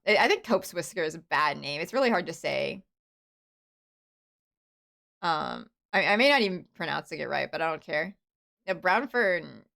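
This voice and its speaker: A woman streaming a game, chatting casually and rambling with many fillers and restarts, with excited bursts and soft, muttered asides. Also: medium pitch, gravelly. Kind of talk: casual live-stream chatter while playing.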